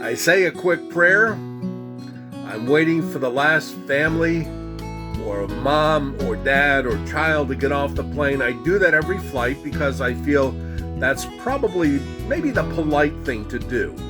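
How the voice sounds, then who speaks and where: An older man telling a comic yarn, animated and laughing at his own jokes. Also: fairly high pitch, measured pace. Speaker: storyteller. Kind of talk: comic storytelling. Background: faint guitar music.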